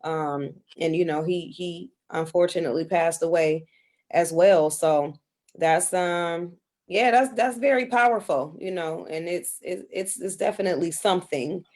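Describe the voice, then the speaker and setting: A woman's voice: fairly low pitch, a little slow, a little mellow. A woman guest on a video call, talking loosely with plenty of fillers. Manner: loose, filler-heavy talk. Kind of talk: casual interview talk.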